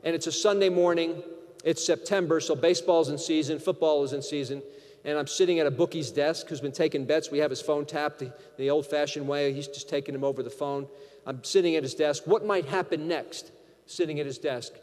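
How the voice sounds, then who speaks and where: A man from Connecticut delivers a keynote in a lively, anecdotal way, acting out bits of dialogue as he goes. His voice sits high for a man. The sound carries a long reverb from a large conference hall. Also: a little fast. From Connecticut, USA. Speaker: keynote speaker. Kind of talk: storytelling keynote speech.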